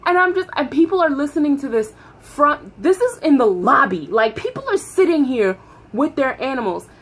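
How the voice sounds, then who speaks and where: Thirties woman vlogging a story, kinda high voice, swears a lot, very animated. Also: normal speed. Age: 30s. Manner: animated, profane, laughing. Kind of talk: storytime vlog.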